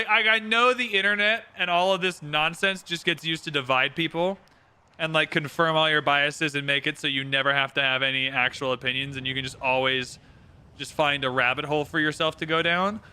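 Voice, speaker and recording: A man's voice: a little high, steady tone, moderate pace, bright, forceful tone, smooth. A young Canadian man chatting casually on a livestream, reading out viewer locations and talking through a strategy game. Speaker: streamer. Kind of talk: casual livestream chat while playing.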